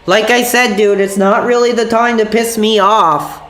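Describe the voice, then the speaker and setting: In an echoey room with faint music, a sick woman streamer with a sore voice rambles through an angry, profane livestream rant to her chat. Her voice is a little high and a bit bright, with fairly even intonation at a moderate pace.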